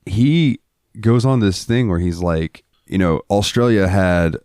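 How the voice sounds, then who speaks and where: A man co-hosting a podcast, profane and animated, retelling a comedy bit in casual chat. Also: sits low, measured pace, dry recording, studio quality. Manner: profane, animated, laughs easily. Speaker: podcast co-host.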